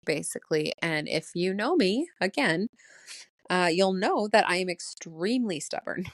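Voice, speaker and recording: A woman's voice: lowish voice, slow pace, long pauses, no echo. A woman in her late thirties hosting a solo spiritual podcast, emotional and laughing often, her voice shaking as she holds back tears. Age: late 30s. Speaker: podcast host.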